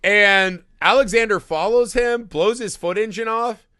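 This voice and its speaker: A man co-hosting a casual movie podcast, ranting in an exasperated, animated way and acting out scenes. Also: sits high, measured pace, smooth, no room sound. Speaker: podcast host. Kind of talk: casual movie review chat.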